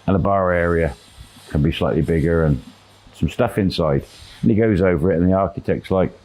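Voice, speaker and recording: A man telling a long story in a relaxed, rambling way, with fillers and quoted dialogue. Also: deep voice, brisk, low-quality recording. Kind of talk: casual spoken storytelling.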